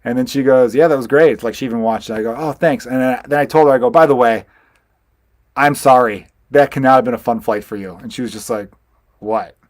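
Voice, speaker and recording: Male comedian host, mid-pitched, loose rambling storyteller who swears a lot, dry close sound. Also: fast talker, no room sound. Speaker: podcast host, stand-up comedian. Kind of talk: casual chat.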